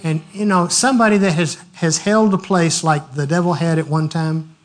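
High-voiced man preaching with hearty laughter. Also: normal speed. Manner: animated storytelling, laughing heartily while acting out stories. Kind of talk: sermon with storytelling.

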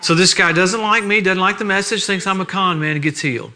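A man preaching a sermon in a church, telling stories with animated, laughing energy. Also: high-pitched, brisk.

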